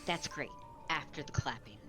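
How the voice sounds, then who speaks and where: A woman's voice: sits low, expressive, moderate pace, music in the background. A woman playing a tabletop game, talking in a bossy, exasperated way. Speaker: player. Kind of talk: tabletop role-play.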